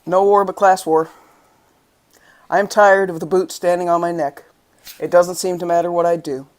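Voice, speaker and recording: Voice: mid-range voice, level tone, moderate pace. A poet reading spoken word verse aloud, rhythmic and impassioned, rising to angry emphasis. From the United States. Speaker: guest poet.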